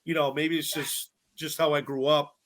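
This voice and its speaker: A young man, a podcast guest telling stories from a cooking show in a bubbly, animated way, acting out other people's lines and swearing freely. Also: fairly high pitch, moderate pace. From Massachusetts, US. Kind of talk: casual storytelling chat.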